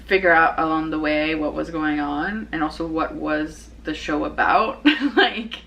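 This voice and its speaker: Chatty young woman, lowish voice. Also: a little slow, gravelly, a bit bright, slight background noise, rough recording. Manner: rambling, chatty, many fillers and restarts; laughs easily. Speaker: podcast host. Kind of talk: casual personal chat.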